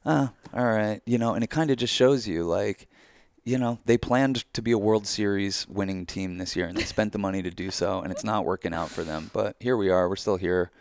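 A man with a very low voice and a gravelly edge talks through his thoughts on a podcast, candid and reflective, dropping casual swears. The recording is dry and close, with no room sound. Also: a little fast, dry recording. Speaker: podcast co-host. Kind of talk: casual chat.

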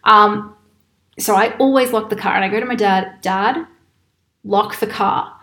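A woman telling a long anecdote in casual chat, animated and quoting people in raised voices. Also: medium pitch, a little slow, a little hiss or hum. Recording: echoey room.

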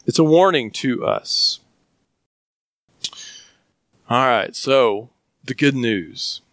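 A man's voice: medium pitch, expressive, slow, fairly bright tone, no room sound, clean studio sound. A man with a Southern US accent preaching a sermon as a pastor, earnest and emphatic, often asking questions.

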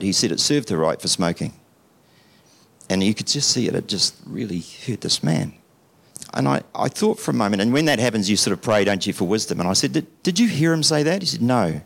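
Lively storytelling New pastor. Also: male voice, fairly low pitch, vocal fry. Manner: storytelling, acts out the people in his stories. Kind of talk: sermon.

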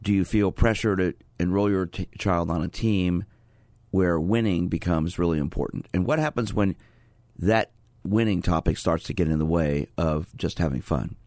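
Deep gravelly male radio host. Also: moderate pace, dry recording, studio quality. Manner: conversational, steady, repeats call-in details. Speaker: radio host, sports psychologist. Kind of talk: radio call-in show talk. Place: radio studio.

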